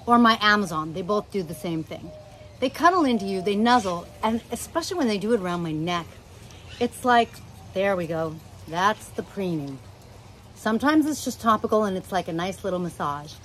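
Animated and a bit bright, her mid-range voice moves at normal speed as this middle-aged woman talks casually to camera about her parrots at home. The channel host rambles affectionately and sometimes breaks off to address her birds, in a rough recording with a little hiss or hum.

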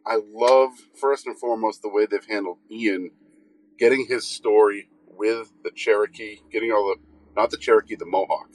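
A man's voice: on the low side, steady tone, normal speed, poor audio. A man from north of Boston leaving an enthusiastic listener message as a caller to a podcast. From Massachusetts, north of Boston. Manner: enthusiastic, gushing fan.

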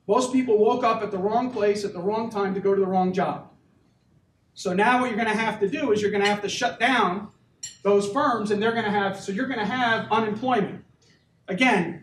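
Man, high voice, professor giving a lecture, chatty, quizzes the audience, roomy hall echo, recorded from a distance. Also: slight background noise. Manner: conversational, asks the audience questions. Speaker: economics professor. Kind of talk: university lecture. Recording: echoey hall, mic from a distance.

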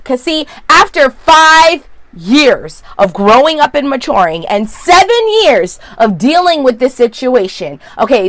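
A sassy woman recapping a TV episode in a casual vlog, opinionated and quick with asides. Her voice sits fairly high. It sounds dry and close, with no room echo. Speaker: vlogger.

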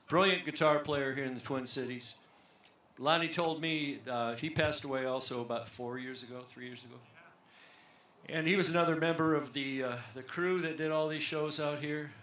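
On an outdoor amphitheater stage, a male bandleader and singer chats between songs into a stage mic, joking, rambling and poking fun at himself. His voice is medium-pitched and fairly bright, and the live concert recording sounds roomy, with faint music.

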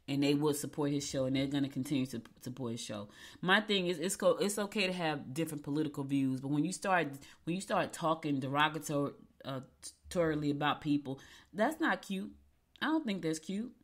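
Outspoken woman radio host, low voice. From United States. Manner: outspoken, indignant, chatty. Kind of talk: casual talk radio commentary.

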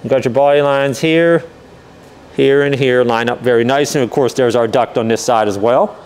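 A man's voice: mid-range voice, moderate pace, a little mellow, smooth. A man casually walking a camera around a classic car for sale, talking methodically with frequent fillers. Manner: easygoing, methodical, many "um" and "uh" fillers. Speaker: car dealer walkaround presenter. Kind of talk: casual vehicle walkaround narration.

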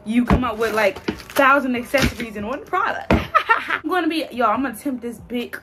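A young woman, talking casually and excitedly to her viewers in a hair vlog. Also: on the high side, normal speed, loud music behind the voice. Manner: animated, exclaiming, talks straight to viewers. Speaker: hair vlogger.

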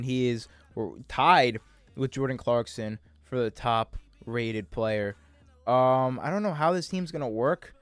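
A young man talks through a basketball video game in a loose, chatty way, often stopping mid-thought to second-guess himself. His voice sits at an ordinary middle pitch. It is recorded dry and close, with no room sound. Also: dry recording. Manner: mimics a draft announcer for the picks. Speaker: gaming YouTuber. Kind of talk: casual gameplay commentary.

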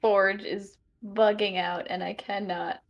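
A woman playing in a tabletop game over an online call, casual and flustered by software trouble. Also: mid-range voice, little pitch movement, takes it slowly, muffled recording. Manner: flustered by tech trouble, laughing it off. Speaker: player.

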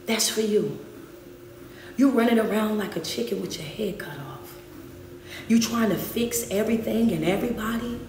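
A woman motivational speaker and life coach giving a live-streamed talk in a rhythmic, repetitive, preacher-like cadence. She often drops to soft near-whispers to comfort her listeners. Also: mid-range voice. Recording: roomy echo with faint background noise.

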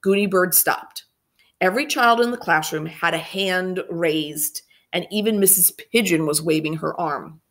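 A woman reading a children's chapter book aloud in a steady, clear storytelling manner. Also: lowish voice, measured pace. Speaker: reader.

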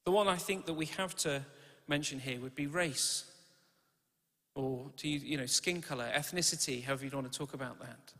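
A man's voice: a little high, normal speed, sharp tone. A man preaching a sermon in a church, talking in a conversational way, asking his listeners questions and correcting himself as he goes. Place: church hall. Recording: reverberant church hall.

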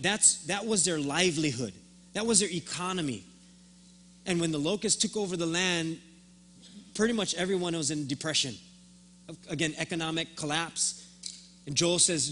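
Male pastor, sermon delivery, high bright voice, animated storyteller who voices both sides of a dialogue, faint hum behind. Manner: repeats words when starting a thought.

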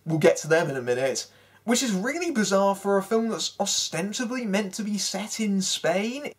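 Reviewer, breathy and husky, mid-range voice, dry sarcastic delivery of a film critique. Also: medium pitch.

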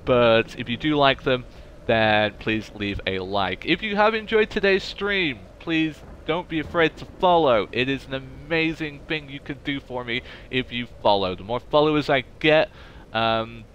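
A young man, chatting excitably to viewers on his game stream through a cheap microphone. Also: medium pitch, measured pace, highs cut off, a little hiss or hum. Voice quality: recorded on a cheap mic. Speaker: gaming streamer. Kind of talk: casual live-stream chatter. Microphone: cheap desk microphone.

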